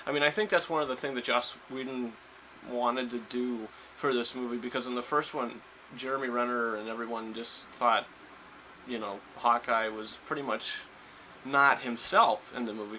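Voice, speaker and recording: A man's voice: medium pitch, bright, forceful tone, a little hiss or hum, rough recording. A man giving a casual spoiler review of a film, rambling with lots of fillers and restarts. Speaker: movie reviewer.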